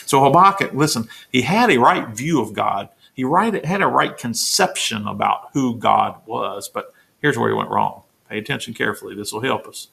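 A man's voice: lowish voice, normal speed, creaky, fairly bright tone. A man, a pastor, teaching a Bible study sermon in an earnest, emphatic way, restating his points to the listeners.

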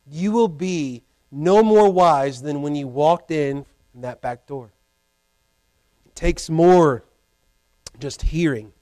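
A man preaching a sermon from a church pulpit, animated and repeating phrases for emphasis. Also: fairly high pitch, no room sound.

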